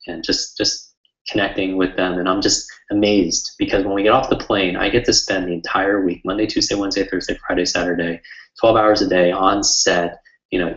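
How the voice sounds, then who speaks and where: A man's voice: deep voice, a bit bright. A man hosting a webinar as a memory coach, telling a heartfelt personal story in an earnest, rambling way full of fillers. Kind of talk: personal storytelling to an online audience. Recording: roomy, slightly dull sound.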